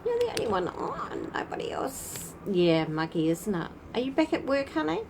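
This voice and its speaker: A woman's voice: a little high, huge pitch swings, normal speed, background noise. A woman hosting a casual livestream, chatting to viewers by name while sitting outside at night. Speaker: spiritual channel host. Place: outdoors at night in a breeze.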